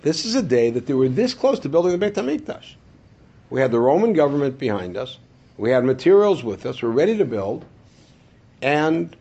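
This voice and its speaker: A man teaching a Torah class, asking the room rhetorical questions and answering them himself, dropping into low asides and rising to emphatic high points. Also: vocal fry, dark tone, lo-fi sound. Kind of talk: classroom lecture.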